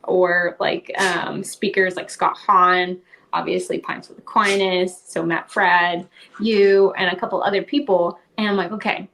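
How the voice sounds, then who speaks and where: A woman's voice: on the low side, level tone, a little slow, fairly bright tone, slight background noise. A young woman, a podcast guest, telling her story in a casual interview. She talks in a chatty way, fills her speech with "like" and often laughs.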